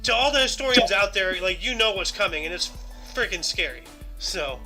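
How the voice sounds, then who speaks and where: A man's voice: high-pitched, animated, normal speed, sharp tone, faint music behind. A man co-hosting a casual news-commentary podcast, rambling with lots of "you know" and "like" fillers. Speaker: podcast co-host.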